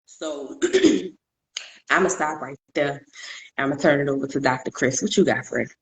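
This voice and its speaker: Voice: mid-range voice, measured pace, a little hiss or hum, low-quality recording. A podcast co-host sharing personal thoughts candidly, in an emphatic, repetitive, self-affirming way.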